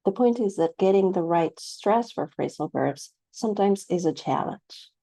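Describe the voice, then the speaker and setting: A woman's voice: medium pitch, animated, normal speed, gravelly, dark tone, no echo, low-quality recording. A woman teaching a pronunciation lesson to camera, explaining patiently and often checking in with "right?". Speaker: English teacher.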